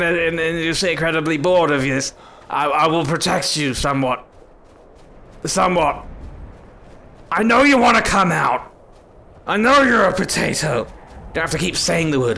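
A man's voice: a little high, expressive, moderate pace, creaky, long pauses, sharp tone. A man giving comedic let's-play commentary, scolding and fussing over an in-game companion in an exasperated way. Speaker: gaming YouTuber.

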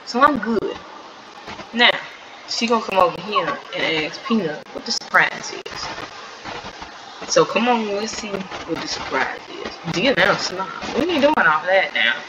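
A woman's voice: lowish voice, normal speed. Chatty woman narrating a life sim game. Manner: chatty, playful, slangy. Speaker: gaming video creator. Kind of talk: casual gameplay commentary. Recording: slightly dull recording with steady background noise.

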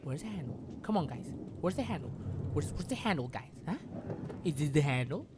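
A woman's voice: sits low, very animated, fairly quick, very noisy. A woman streaming a video game live, repeating phrases over and over and chatting to her viewers. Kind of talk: live gameplay commentary.

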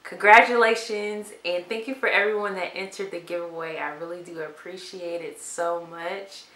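A young woman vlogger talking softly and from the heart, in a casual chat to camera. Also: fairly low pitch, fairly even intonation, moderate pace. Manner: soft-spoken and heartfelt. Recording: echoey room with faint hiss.

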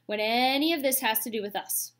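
A stubborn old beaver dad, as a woman reading puts him on grumbles and mutters as he talks. His tone is gruff and set in its ways, but not unkind. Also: fairly high pitch, a little fast, a bit bright, natural voice. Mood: grumbling. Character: grumbling stubborn male beaver, middle-aged father.

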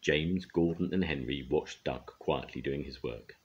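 An older man reading a children's story aloud with an expressive, lively delivery. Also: rumbling low, measured pace. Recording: dull lo-fi recording.

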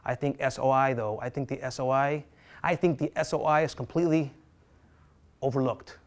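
A middle-aged man teaching a real estate class in a lively lecture style. He is animated and dramatic, acting out panicked agents and joking with the students. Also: medium pitch, normal speed.

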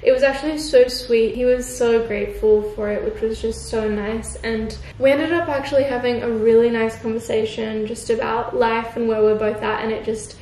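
A young woman talks to her camera in a soft, reflective, heartfelt way, her slightly high voice scattered with casual fillers. The room rings noticeably around her. A faint hiss sits underneath the recording. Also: fairly even intonation, normal speed, hardly any pauses. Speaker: vlogger. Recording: roomy with faint background hiss.

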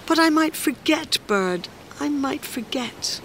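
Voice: medium pitch, lively intonation, slow, sharp tone, slight background noise, voice pushed up, exaggerated voice, rough recording. A narrator voicing an anxious little creature. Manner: anxious, pleading. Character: small scared grieving creature, young.

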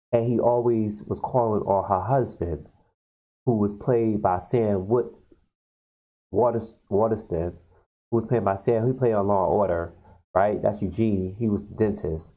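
A man's voice: lowish voice, dark tone, poor audio. A man hosting a casual video, rambling through a movie recap and acting out lines. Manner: rambling, acts out characters' lines. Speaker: YouTube host.

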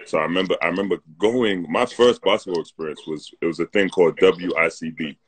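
A man's voice: deep voice, fast talker, slight background noise, rough recording. A man with a London accent, from North London, telling a laid-back story in a casual chat on a live phone stream. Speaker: co-host. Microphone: phone on a live video stream.

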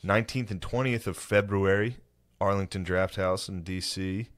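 A young man with a fairly low voice co-hosting a loose podcast chat. He rambles through plans and stories, then jumps into loud, high, excited bursts when acting out a scene. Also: normal speed. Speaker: podcast co-host, comedian.

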